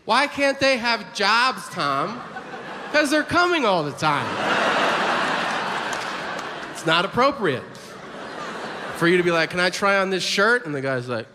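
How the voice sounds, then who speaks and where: A man's voice: high voice, takes it slowly, long pauses. A man performing a stand-up comedy set, telling profane stories and acting out the people in them. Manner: animated storytelling, acts out voices, profane. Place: comedy venue stage. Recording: live club mic, hall reverb, audience noise.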